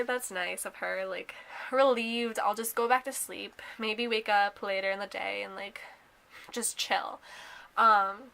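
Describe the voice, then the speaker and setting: A woman's voice: medium pitch, bright, forceful tone. A young woman telling a casual storytime vlog, chatty and full of "like" and "um", sounding a little under the weather. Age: young adult. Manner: chatty, many "like"s and "um"s, drops to a whisper at times. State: sick and nauseous. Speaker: vlogger.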